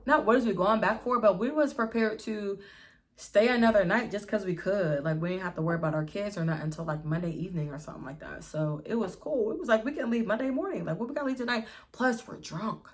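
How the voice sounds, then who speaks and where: A woman's voice: medium pitch, fast talker. A young woman in a casual storytime vlog, chatting to viewers at home and calling them y'all. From Pittsburgh area, US. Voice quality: lively, swears freely, addresses viewers as y'all. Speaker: vlogger.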